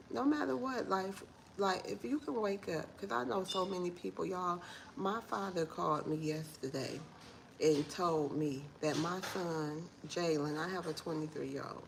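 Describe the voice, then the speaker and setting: A woman in her forties talks to her viewers from home in a casual morning vlog. Her voice is gravelly with fry and sits on the low side, her manner earnest and a bit preachy. Faint room noise hums behind her. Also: rough recording. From Detroit, USA. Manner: heartfelt, preachy, talks straight to viewers as y'all. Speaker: vlogger.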